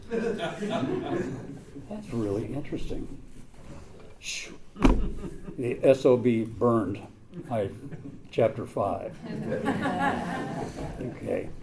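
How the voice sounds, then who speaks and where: A man's voice: medium pitch, lively intonation, slow, long pauses, background noise. An older man telling his own recovery story to a group, blunt and plain-spoken, with some mild swearing. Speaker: recovery meeting speaker.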